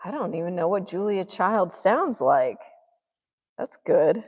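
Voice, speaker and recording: A woman's voice: on the low side, very animated, a little slow, darkish tone, in a large hall. A woman vlogger thinking aloud to herself as she paints, musing in murmured asides. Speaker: art vlogger.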